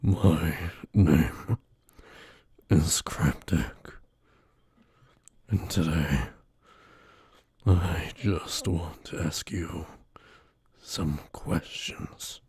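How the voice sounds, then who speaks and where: A woman voicing a creepy male villain in a slow, low, whispery voice. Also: fairly even intonation, mellow, breathy edge, heavily acted.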